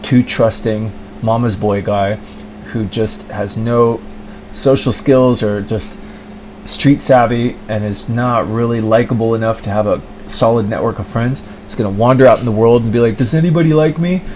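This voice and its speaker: A man's voice: lowish voice, fairly even intonation, normal speed, darkish tone, a little hiss or hum, poor audio. A man ranting in a rambling monologue, full of filler words and mocking impressions of other people. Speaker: vlogger.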